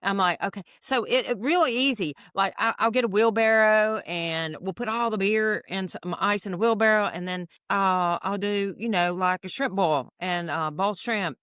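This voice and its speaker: A Southern woman in her fifties, a podcast guest telling lively stories and acting out what others said. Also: medium pitch, moderate pace, few pauses, clean tone, no room sound, studio quality. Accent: Southern American. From Alabama. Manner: animated storyteller acting out quotes. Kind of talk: casual storytelling.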